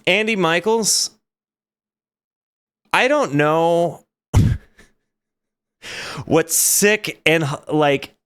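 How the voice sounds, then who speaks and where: Excitable man telling a wild story. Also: on the high side, extremely slow, pauses often, clean tone. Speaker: streamer reacting to an album. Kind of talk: casual storytelling reaction.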